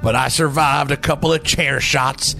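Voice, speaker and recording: A man doing an impression of a gruff middle-aged football coach, rambling and boasting in a folksy way. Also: mid-range voice, steady tone, normal speed, bright, forceful tone, faint music behind. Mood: rambling boastful.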